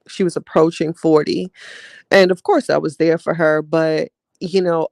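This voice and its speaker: Chatty woman with a gravelly drawl. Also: deep voice, a little mellow, dry recording, clean studio sound. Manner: chatty, drawling, sprinkled with "child" and "y'all". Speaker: podcast host reading live chat. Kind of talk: casual heartfelt chat.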